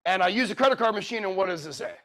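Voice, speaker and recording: A man's voice: sits high, racing, a crowd in the background. A middle-aged man telling a sales story at a conference, acting out every line of dialogue. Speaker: keynote speaker. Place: conference room.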